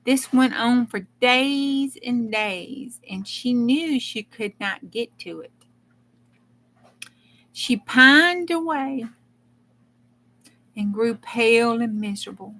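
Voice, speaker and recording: A woman's voice: fairly high pitch, slow pace, long pauses, a bit bright, low-quality recording. A woman hosting a crafting channel, reading a fairy tale aloud in a folksy way with chatty asides. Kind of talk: storytelling read-aloud with casual asides.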